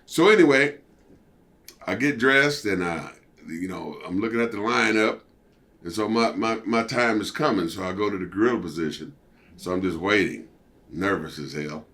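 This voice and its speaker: An older man, a former wrestler, telling a story as an interview guest in a casual, animated way and acting out what others said. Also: low voice, moderate pace. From United States. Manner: animated, acts out quoted voices.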